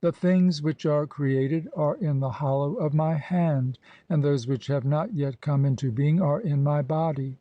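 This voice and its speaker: A man giving a measured, solemn reading of an ancient religious text as an audiobook. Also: fairly high pitch, dry recording, muffled recording. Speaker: audiobook reader.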